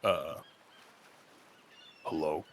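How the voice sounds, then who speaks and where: A man co-hosting a let's play, chatting casually and making deadpan jokes. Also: extremely low pitch, drawn-out words, slight background noise. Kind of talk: casual chat while playing.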